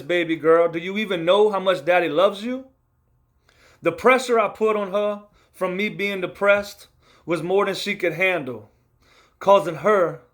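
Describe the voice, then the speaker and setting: A man's voice: sits high, a bit bright. A man in his thirties reciting a rhymed spoken-word poem about his own life, in an earnest, heartfelt, confessional way. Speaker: storyteller.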